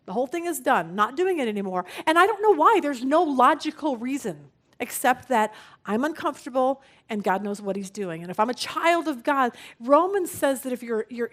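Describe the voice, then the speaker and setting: A middle-aged woman teaching a Bible study, telling stories in an animated way and acting out what people said. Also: sits high, normal speed. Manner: animated, acts out quoted speech.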